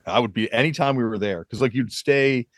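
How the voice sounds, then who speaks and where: A man's voice: medium pitch, a little fast, no echo. A man hosting a podcast, telling rambling anecdotes in casual chat and laughing often. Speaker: podcast host.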